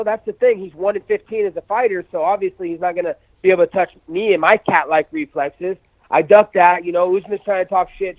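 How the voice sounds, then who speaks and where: A man's voice: high-pitched, no echo. A man in his thirties, an MMA fighter giving a phone interview, brash and profane, acting out quotes in a raised voice. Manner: brash, profane trash talk. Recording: dry tinny phone line.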